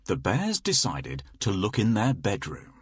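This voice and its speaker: A man reading a children's storybook aloud at a slow, gentle pace. His voice swings widely in a sing-song way, slightly husky and close and dry. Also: fairly low pitch, wildly swooping pitch. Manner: slow, lilting read-aloud delivery. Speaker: narrator. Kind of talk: scripted storybook narration for children.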